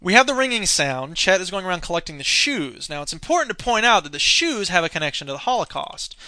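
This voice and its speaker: A male teacher walks through a film scene by scene in a loose, unscripted lecture. He stalls often on "uh" and "um" while he digs through his notes. His voice is a bit high and bright, and the recording is dry and close. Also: sing-song, fast talker, no echo. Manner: hesitant, many fillers, searching through notes.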